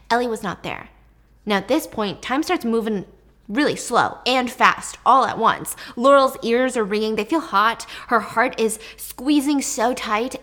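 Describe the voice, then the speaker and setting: A woman's voice: fairly high pitch, fairly bright tone. A woman telling a true story in a casual, chatty way, swearing offhand and talking straight to the listener.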